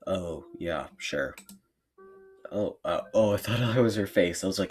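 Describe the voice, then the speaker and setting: A gamer who is sick, with a voice deeper than usual, joking and rambling through a let's play while reading the game text aloud. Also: expressive, measured pace, over music.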